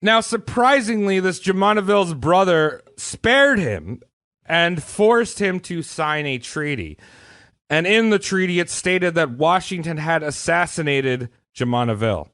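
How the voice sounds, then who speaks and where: A man's voice: fairly high pitch, animated, unhurried, fairly bright tone, dry recording. A man casually retelling history on a comedy podcast, irreverent and profane, often slipping into voices for the people in the story. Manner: irreverent storytelling, puts on voices for historical figures, swears freely. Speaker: podcast co-host telling history.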